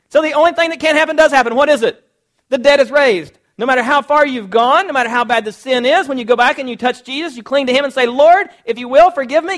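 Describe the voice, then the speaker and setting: A man preaching a sermon, reading scripture aloud and acting out quotes in a lively, conversational way. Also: very high-pitched. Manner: animated, conversational, acts out quotes.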